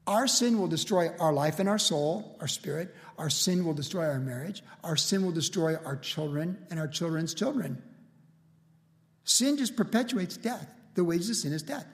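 A man's voice: on the high side, animated, normal speed, hardly any pauses, big-room sound. A man in his sixties preaching a verse-by-verse sermon as a pastor, telling stories in a casual way with lots of "like" and "you know". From United States. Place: church.

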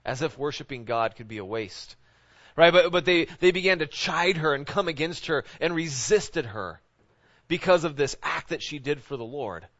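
A man's voice: on the high side, lively intonation, moderate pace, fairly bright tone. A man, a pastor, giving an informal, conversational sermon, often checking in with his listeners by asking "right?". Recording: dull lo-fi recording.

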